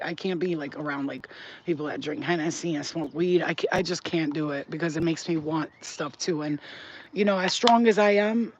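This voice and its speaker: Over a phone mic with poor audio and a little hiss or hum, a high-voiced man who works as a spiritual healer chats casually on a live stream. He speaks loosely, with slang and profanity, and reads viewer comments aloud.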